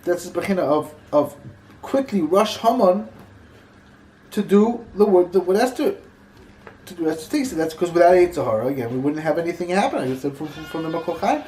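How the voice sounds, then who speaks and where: A man giving an informal Torah class, talking in halting bursts that repeat and restart his phrases. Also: sits high, very animated, dark tone, reverberant, a little hiss or hum, poor audio. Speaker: Torah teacher.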